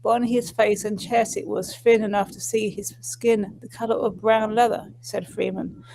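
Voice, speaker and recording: A woman's voice: mid-range voice, little pitch movement, normal speed, gravelly, mellow, slight background noise, rough recording. Woman reading news on a stream. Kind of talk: reading a news article aloud on a livestream.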